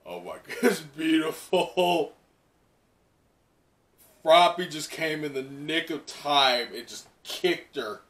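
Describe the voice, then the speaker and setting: A man's voice: a little high, animated, slow pace, pauses often, a bit bright, recorded from a distance. A man hosting a casual live reaction to a comic, rambling with lots of fillers and chuckles. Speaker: manga reaction host.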